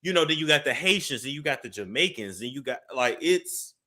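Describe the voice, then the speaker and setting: Male guest, lively pitch swings, bright voice, joking storyteller. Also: fairly quick. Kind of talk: casual celebrity gossip chat.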